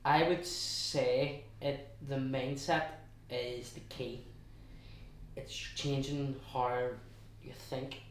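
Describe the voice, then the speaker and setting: A young man from West Belfast, Northern Ireland, with a Belfast accent, is a guest in a casual storytelling interview. He tells his story chattily and haltingly, often restarting and slipping into quoted asides, in a steady tone at an ordinary middle pitch. He's heard from a distance in a very echoey room, with slight background noise.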